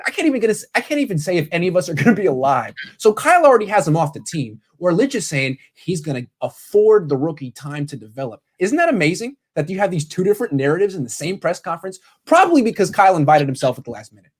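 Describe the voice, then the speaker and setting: Animated man talking football. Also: high-pitched, fast talker, breathy edge. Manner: animated, quotes people in paraphrase. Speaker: sports podcast host. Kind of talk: casual sports talk.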